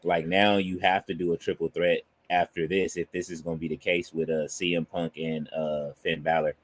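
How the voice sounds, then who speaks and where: Low-voiced laid-back man, full of fillers. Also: little pitch movement, moderate pace, no echo. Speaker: podcast co-host. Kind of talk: casual wrestling chat.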